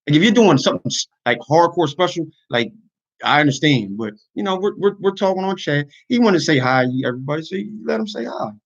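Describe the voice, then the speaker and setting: A man speaks earnestly to his online viewers in a casual livestream, airing his frustration. His voice sits a bit higher than most men's. The stream audio is dull and lo-fi. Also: lively intonation, fast talker, gravelly. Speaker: YouTuber and podcaster.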